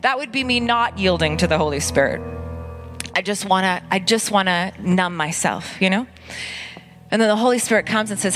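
Woman pastor, sermon, earnest, conversational, middle pitch, faint instrumental music behind. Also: fairly bright tone. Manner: earnest, conversational preaching with dramatic pauses.

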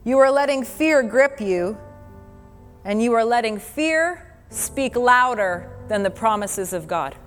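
A woman's voice: fairly high pitch, lively intonation, slow. A woman preacher delivering an earnest, conversational sermon, laughing now and then and quoting scripture. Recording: long hall reverb with faint music.

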